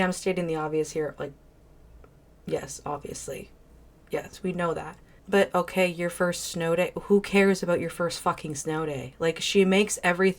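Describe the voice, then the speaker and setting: A woman commentator reacting to a clip in a blunt, exasperated and sarcastic way. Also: lowish voice.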